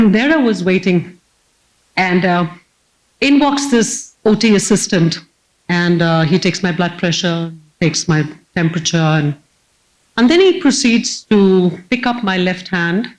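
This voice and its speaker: A woman, giving a humorous personal storytelling talk as keynote speaker on stage before a live audience, lively and self-mocking. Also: lowish voice, rough recording.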